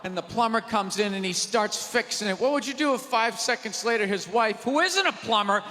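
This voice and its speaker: A high-pitched, sharp-edged male comic rants loudly and with exasperation from a theater stage. His voice rings out into a long hall reverb, with an audience faintly audible behind him. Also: animated, fairly quick. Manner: loud, ranting, exasperated delivery. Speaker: stand-up comedian. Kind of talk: stand-up comedy set. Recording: live theater recording with long reverb and crowd.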